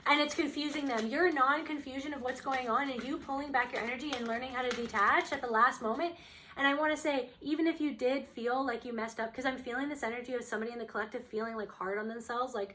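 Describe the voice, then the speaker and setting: A woman's voice: high-pitched, brisk, sharp tone. A young woman giving a casual spiritual tarot reading, talking earnestly in a rambling way with many fillers. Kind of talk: casual channeled reading to camera.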